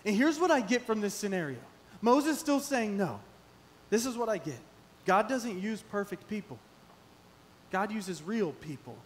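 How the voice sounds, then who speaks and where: A man preaching a sermon as pastor in a church, animated and acting out the voices he quotes with rising emphasis. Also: sits high, unhurried, slight background noise. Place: church sanctuary.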